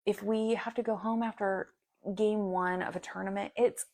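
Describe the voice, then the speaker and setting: Her medium-pitched voice moves at a moderate pace as this thirtysomething woman co-hosts a podcast. She spins stories in relaxed conversation, lively and thick with filler words.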